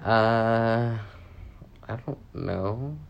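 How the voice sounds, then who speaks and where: A man's voice: lowish voice, very slow, vocal fry, clean tone. A young man with a sore voice, chatty and sassy, swearing freely as he rants in a casual vlog. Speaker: vlogger.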